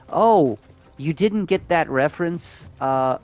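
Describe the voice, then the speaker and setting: A man's voice: sits high, animated, measured pace, a little mellow, soft background music. A man streaming a game live, chatting casually and rambling with his chat. He swears freely as he plays.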